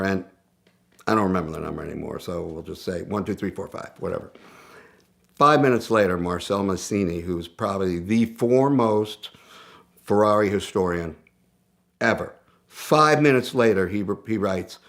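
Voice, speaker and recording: Man with a low, gravelly voice for a casual, animated storytelling piece. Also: normal speed. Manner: animated, conversational, self-interrupting. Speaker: guest storyteller.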